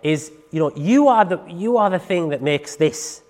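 A man, a dog trainer giving a chatty, animated informal talk that is full of asides. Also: on the high side, normal speed, long reverb tail. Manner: chatty, animated, self-styled clown, repeats "you know what I mean".

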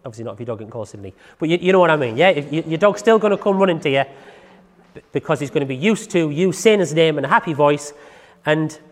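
A man's voice: fairly high pitch, animated, fast talker, big-room sound. A man teaching dog training in a casual, chatty way, often checking in with the listener.

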